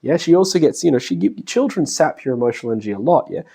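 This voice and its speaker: A middle-aged man talks his way through a lecture like a casual chat. His pitch rises and falls a great deal, and he keeps slipping into little voices of his family. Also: lively intonation, rapid-fire, creaky, mellow, husky. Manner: chatty, laughs often, acts out voices of family members. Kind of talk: casual spoken lecture with anecdotes. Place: classroom.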